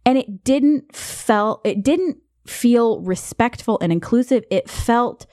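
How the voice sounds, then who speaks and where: A woman's voice: on the high side, expressive, takes it slowly, dark tone, dry recording, studio quality. A woman hosting a casual film review chat, blunt and opinionated. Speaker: podcast host, film reviewer.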